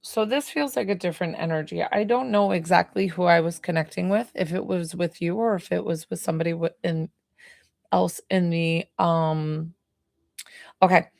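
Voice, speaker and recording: A woman's voice: fairly low pitch, moderate pace, vocal fry, darkish tone, no room sound, studio quality. A woman doing a live psychic medium reading, rambling and hesitant with lots of fillers, sounding tired. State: tired, yawning.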